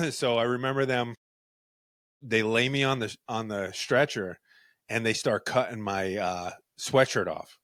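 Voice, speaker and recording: Animated young man telling a wild story. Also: mid-range voice, measured pace, no room sound, clean studio sound. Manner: animated, profane, jokey storyteller. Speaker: podcast host. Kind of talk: casual storytelling.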